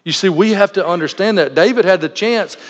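In a dull, lo-fi recording from a reverberant hall, a male pastor delivers a sermon in a brisk, high voice. His manner is earnest and conversational, with personal stories woven throughout.

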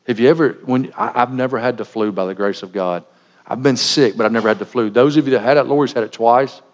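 A man's voice: mid-range voice, a little fast. A middle-aged man preaching a sermon, folksy and joking, acting out little everyday scenes. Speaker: pastor. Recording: dull sound with long reverb in a large hall.

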